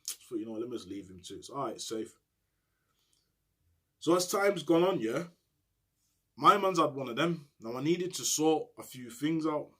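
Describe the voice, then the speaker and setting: A man recounts a story in thick street slang, his voice sitting a little higher than most men's. He talks casually to camera, animated and conversational, and keeps checking in with his listener. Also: moderate pace, long pauses, breathy edge. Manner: heavy street slang, animated retelling, repeats "you get me". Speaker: storyteller recounting prison life.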